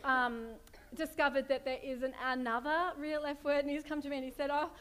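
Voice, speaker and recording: A woman's voice: high voice, level tone, fairly quick, a bit bright. A woman preaching a sermon in a chatty storytelling way, often laughing as she tells a family story.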